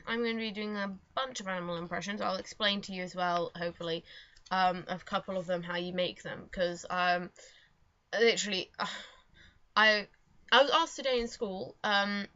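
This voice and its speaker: A woman's voice: medium pitch, pushed and bright. A young woman vlogging in casual chat at home, rambling and self-mocking with lots of fillers. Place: home room. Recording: dull lo-fi home recording.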